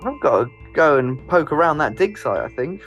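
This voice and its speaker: Relaxed man musing on a podcast. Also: fairly high pitch, moderate pace, highs cut off, soft background music. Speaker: podcast guest. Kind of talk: casual chat.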